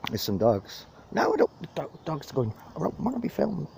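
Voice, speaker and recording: A man's voice: a little high, wildly swooping pitch, moderate pace, vocal fry, a little mellow. A man, rambling and self-deprecating as he gives a casual walking tour of a park, filmed on a handheld phone outdoors. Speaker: vlogger giving a walking tour. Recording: outdoor wind and birdsong noise.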